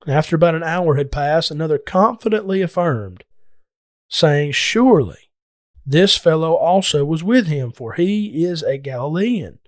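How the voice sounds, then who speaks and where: A man's voice: on the high side, lively intonation, normal speed, no echo, studio quality. A man preaching a Bible lesson, reading scripture in an earnest, emphatic way.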